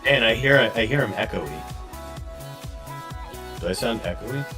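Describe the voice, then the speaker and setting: A man co-hosting a casual VR podcast livestream over a video call, making quick quips. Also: medium pitch, lively intonation, music in the background. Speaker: podcast co-host.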